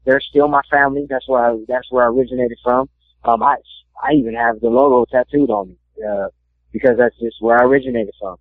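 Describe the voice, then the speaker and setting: Animated young man on a phone line. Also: medium pitch, dry recording. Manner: animated storyteller, acts out quotes. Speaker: MMA fighter interviewee. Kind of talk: casual phone interview, storytelling.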